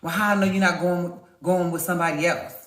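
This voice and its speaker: A woman's voice: lowish voice, fairly even intonation, quick pace, close to an everyday voice. Pushy, touchy guy on a date , quoted by a woman vlogger, argues and pleads, roomy echo. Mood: argumentative. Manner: argumentative, pleading.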